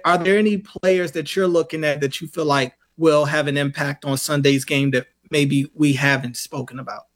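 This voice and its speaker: A man's voice: a little high, steady tone, normal speed. A man hosting a sports show, asking long winding questions with restarts. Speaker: host. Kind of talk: casual sports talk.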